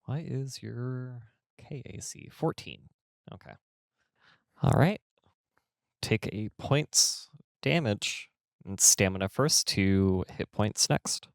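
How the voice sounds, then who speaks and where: A man's voice: mid-range voice, expressive, slow, gravelly, no echo, studio quality. A man narrating a tabletop game as game master, casual and rambling.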